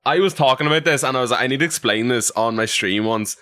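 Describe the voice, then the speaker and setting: A young man with an Irish accent talking casually to his livestream audience, bright and forward in tone. He rambles from one story to the next, reads chat aloud and laughs as he goes. His pitch sits in the middle of the male range. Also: fast talker, few pauses. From Ireland. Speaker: streamer.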